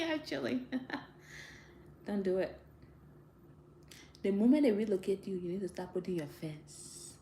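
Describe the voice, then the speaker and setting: A woman talking casually to viewers, giving direct, animated advice and laughing often. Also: fairly high pitch, a little hiss or hum. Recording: roomy echo, faint ambience.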